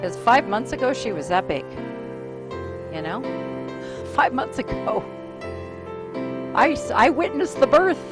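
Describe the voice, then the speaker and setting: A woman's voice: fairly high pitch, sing-song, a little slow, pauses often. Chatty woman leading a stretch class. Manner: chatty, encouraging, laughs often. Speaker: fitness instructor. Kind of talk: gentle exercise class instruction mixed with casual chat. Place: dining room used for a group exercise class. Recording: clear music playing behind.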